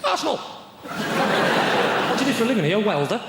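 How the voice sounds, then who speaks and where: A man tells a stand-up story that builds to shouting, in a somewhat high voice. He plays to a big theatre with a long ringing echo. Loud audience noise surrounds him. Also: lively intonation, moderate pace. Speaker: stand-up comedian. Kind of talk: stand-up comedy. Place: large theatre stage, live audience.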